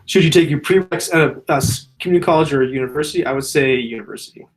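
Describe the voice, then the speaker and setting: A man's voice: fairly high pitch, rapid-fire. A man, a general surgeon, answering viewer questions in a loose, profane, casual way. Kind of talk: casual Q&A chat.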